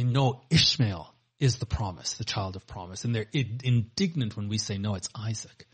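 Husky male preacher reading scripture. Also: on the low side. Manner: reads scripture aloud with rising force between plain commentary.

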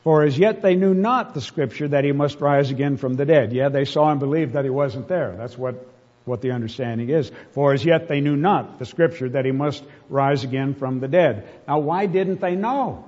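A man's voice: medium pitch, moderate pace, a little mellow. A man preaching a sermon, reading scripture aloud with earnest, emotional emphasis. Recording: dull reverberant hall.

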